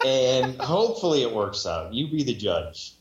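A man's voice: mid-range voice, sing-song, normal speed, heavy background noise. Man, casual rambling talker, echoey room with dull lo-fi sound. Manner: rambling, many restarts, self-mocking. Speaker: audiobook narrator guest. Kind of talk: casual podcast chat.

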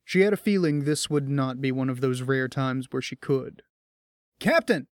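A man with a mid-range voice narrates a science fiction audiobook at a moderate pace, keeping an even storytelling manner. It's scripted narration in a dry, studio-quality recording.

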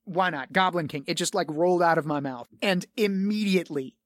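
A man's voice: sits high, fairly quick, dry recording, studio quality. A man hosting a podcast, talking casually and rambling, with frequent laughs and casual swearing. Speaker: podcast host.

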